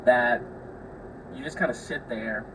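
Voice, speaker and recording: A man's voice: mid-range voice, a little slow, a bit bright, recorded from a distance, slight background noise, low-quality recording. A young man hosting a podcast, telling stories in a loose, chatty way, swearing freely and acting out the people he describes. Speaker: podcast host. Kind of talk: casual solo storytelling.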